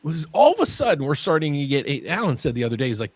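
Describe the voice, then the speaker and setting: Man, host, mortgage Q&A, excitable, lively swooping pitch, husky. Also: rapid-fire, no echo. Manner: animated, excitable, repeats words. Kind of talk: live stream Q&A on mortgages.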